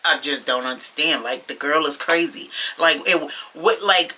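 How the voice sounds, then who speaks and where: A woman's voice: low voice, lively intonation, moderate pace, hardly any pauses, bright, forceful tone, poor audio. A woman recapping a reality TV episode in a sassy, chatty way, calling her viewers y'all and using lots of fillers. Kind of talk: casual recap commentary.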